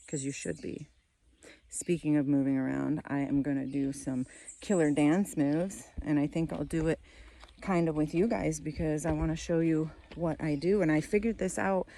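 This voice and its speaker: Chatty rambling woman with a lowish voice. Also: warm tone. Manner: chatty and rambling, laughs often, loses her train of thought. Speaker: vlogger and mother. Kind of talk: casual rambling vlog. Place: outdoors in her father's garden.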